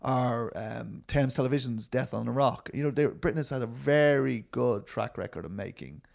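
A man's voice: medium pitch, moderate pace, vocal fry, darkish tone. A middle-aged man, a documentary filmmaker, answering interview questions in a rambling, self-deprecating way, full of restarts and fillers.

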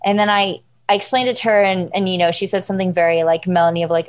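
A woman's voice: on the low side, fast, smooth, poor audio. A woman in her thirties telling a funny story in casual chat, acting out the people she quotes and laughing often. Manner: animated storyteller, acts out quoted voices, laughs a lot.

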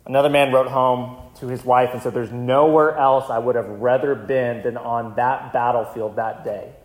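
A male pastor telling a vivid story in a sermon, slowing down for dramatic moments. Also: medium pitch, fairly even intonation. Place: church.

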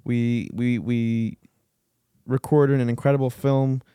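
A man hosting a casual podcast discussion, quick and animated, often cutting in with questions. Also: medium pitch, smooth, no echo, clean studio sound. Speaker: podcast host.

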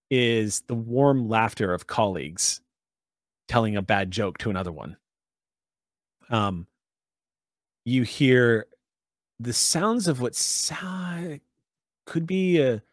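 A man's voice: medium pitch, dry recording, clean studio sound. Man narrating as game master. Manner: descriptive, conversational narration with fillers.

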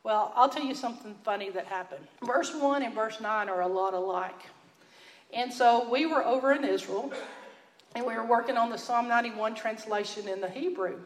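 Folksy Texan woman preaching, higher voice. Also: normal speed, roomy sound, low-quality recording. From Texas. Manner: folksy, earnest, dropping to a hush for emphasis. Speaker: Bible teacher. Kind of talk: sermon storytelling.

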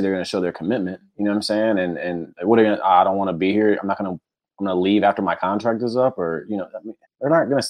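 In a very low voice, a man co-hosts a casual sports podcast, relaxed and rambling. He thinks aloud and keeps slipping in easy fillers like "you know."

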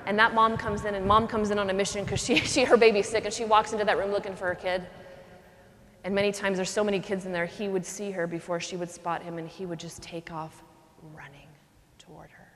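A woman's voice: medium pitch, little pitch movement, brisk, a bit bright. A woman, a nun giving a charismatic retreat talk, teaching in an earnest, conversational way and acting out little scenes. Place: cathedral. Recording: long cathedral reverb.

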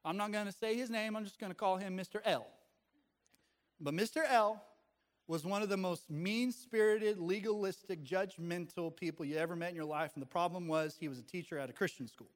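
Pastor, male, higher-pitched voice, casual sermon with jokes to the room. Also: brisk. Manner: conversational, jokes with the congregation. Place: church in front of a congregation.

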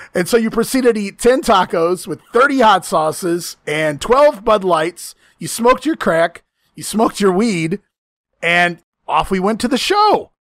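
A man's voice: high-pitched, animated, slow, a bit bright, no room sound. A man hosting a casual chat, telling a long profane story, often laughing and acting out the lines he quotes.

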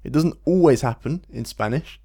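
Man, language teacher, patient explanations, slows down for example phrases. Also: mid-range voice, warm tone, husky. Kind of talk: relaxed podcast-style language lesson.

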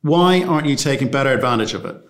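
A man's voice: medium pitch, lively intonation, fast, reverberant. A man interviewing a company executive in a dry, understated way. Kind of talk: investor interview.

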